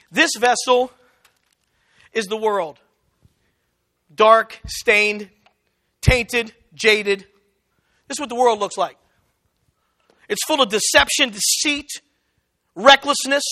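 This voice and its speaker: A man preaching a sermon in a church, fervent and emphatic, rising at times to shouts. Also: high-pitched, dry recording, studio quality.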